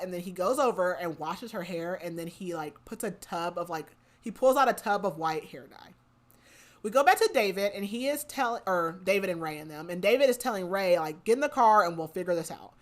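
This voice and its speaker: A woman talks through a book's plot in a loose, chatty way, slipping into quoted lines of the characters. Her voice sits at an ordinary middle pitch. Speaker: book podcast host. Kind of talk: casual plot recap.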